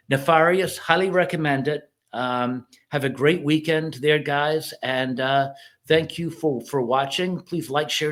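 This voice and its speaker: A middle-aged man speaks as a reverend in a casual video, reviewing a film. His delivery is earnest but rambling, full of halting starts. His voice sits in an ordinary middle pitch.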